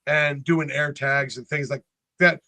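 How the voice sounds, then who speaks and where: A man's voice: a little high, steady tone, a little slow, sharp tone, no room sound. A man in his sixties from North Carolina, a band frontman telling stories in a casual interview and acting out other people's lines. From North Carolina, USA. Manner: chatty storyteller, acts out other people's lines.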